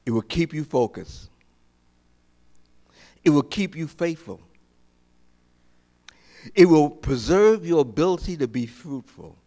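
A man's voice: fairly high pitch, lively intonation, slow, long pauses. Passionate male preacher. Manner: impassioned preaching that swings between loud climaxes and quiet asides; repeats phrases for emphasis. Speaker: pastor. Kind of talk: sermon.

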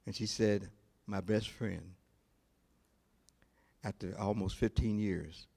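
A male pastor preaching a sermon, telling a story in a slow, deliberate way with pauses. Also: lowish voice, fairly even intonation, vocal fry, dark tone.

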